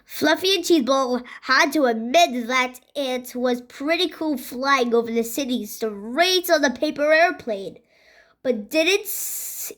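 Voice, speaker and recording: A woman reads a children's book aloud in a high voice, going slowly. She stumbles and restarts words now and then. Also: fairly bright tone. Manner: halting, with slips and restarts. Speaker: reader.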